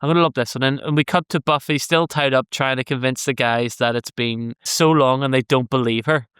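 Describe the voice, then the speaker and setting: A man's voice: mid-range voice, fairly even intonation, a little fast, a bit bright, smooth, dry recording, clean studio sound. A man co-hosting a podcast, recapping an episode in casual, sweary chat and laughing often. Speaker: podcast co-host.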